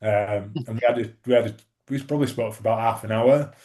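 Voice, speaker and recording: A man's voice: fairly low pitch, fast, warm tone. A man, a former rugby league player telling stories as an interview guest, rambling with lots of fillers and restarts. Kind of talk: casual interview storytelling.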